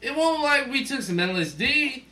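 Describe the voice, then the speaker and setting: A man's voice: very high voice, big pitch swings, normal speed, pushed and bright, distant mic, slight background noise. A man co-hosting a podcast in drunk, rambling, laughing banter. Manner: laid-back, rambling, laughing. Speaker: podcast co-host.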